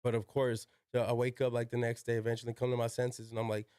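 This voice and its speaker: Brief: young adult man, podcast guest, clear resonant voice, dry close sound, loose slangy storytelling with cursing. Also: mid-range voice, monotone, quick pace, a little mellow, dry recording. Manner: slangy, peppered with "yo" and "like", swears freely. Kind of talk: casual storytelling.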